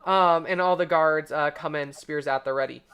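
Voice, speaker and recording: Game master with a bright, smooth voice; casual, laughs a lot, many "uh"s. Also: medium pitch, steady tone, normal speed. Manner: laughs often, many fillers. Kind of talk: narrating a tabletop game.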